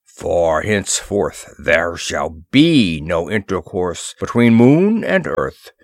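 Man reading a commanding moon king, deep and slow, big swings in the voice, dry close sound. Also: sing-song, dry recording, exaggerated voice. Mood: imperious. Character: booming imperious male moon king, grim.

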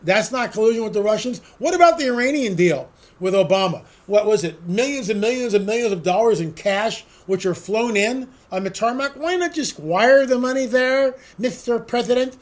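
A man with a notably high voice talks straight to his listeners in an opinion monologue. He hosts a political talk show, and his delivery is emphatic and sarcastic, driven by rhetorical question after rhetorical question. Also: lively intonation, moderate pace, few pauses.

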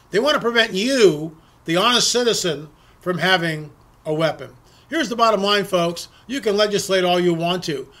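A middle-aged man speaks in a high, bright, forward tone. He rants through a commentary monologue, stumbling into restarts and pressing rhetorical questions. He sounds worked up the whole way. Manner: impassioned, repetitive, ranting with frequent restarts. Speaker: political commentary host. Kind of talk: opinion monologue.

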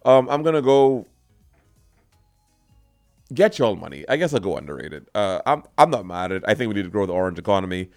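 A man with a Bahamian accent hosting a casual podcast, talking in animated, rambling bursts full of restarts and shout-outs. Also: fairly low pitch, a little fast, long pauses, no echo, studio quality, soft background music. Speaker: podcast host.

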